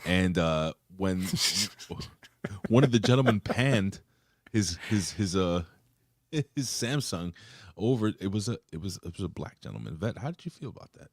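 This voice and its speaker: A low-pitched man hosting a loose, profane wrestling chat, his voice swinging up and down a lot as he rambles. The sound is dry and close. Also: lively intonation, normal speed, darkish tone, dry recording. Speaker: podcast co-host. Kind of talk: casual wrestling review chat.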